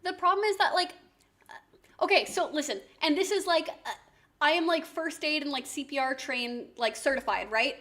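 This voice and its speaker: A woman's voice: sits high, normal speed, sharp tone. A woman streaming and chatting casually, rambling with lots of fillers. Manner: chatty, rambling with many likes and rights.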